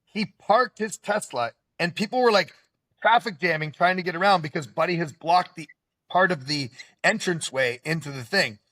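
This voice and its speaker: A man hosting a podcast in casual, animated chat, often stopping to add "okay?" to drive his point home. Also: on the high side, moderate pace. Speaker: podcast host.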